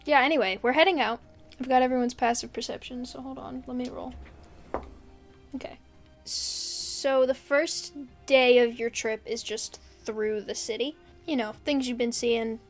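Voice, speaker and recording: A woman running a tabletop game as game master, playful and quick to laugh. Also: on the high side, steady tone, soft background music.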